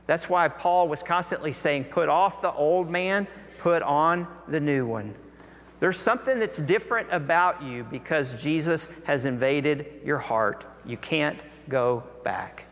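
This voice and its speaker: Male pastor preaching slow and deliberate, bit high voice, long hall echo. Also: animated, a bit bright. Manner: earnest preaching, rhetorical questions, voice rising with emphasis. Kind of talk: sermon.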